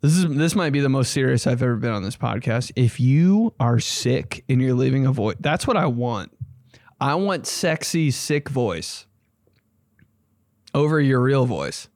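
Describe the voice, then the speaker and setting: A man's voice: mid-range voice, expressive, unhurried, darkish tone, no echo, clean studio sound. A man hosting a comedy podcast, telling stories in a rambling, profane way and acting out the people he quotes. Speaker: podcast host and stand-up comedian. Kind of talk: casual comedic storytelling.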